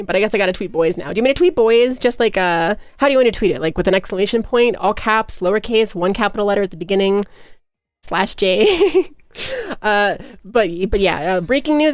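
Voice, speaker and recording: A woman chatting casually on a livestream, giggly and playful. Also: fairly high pitch. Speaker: streamer.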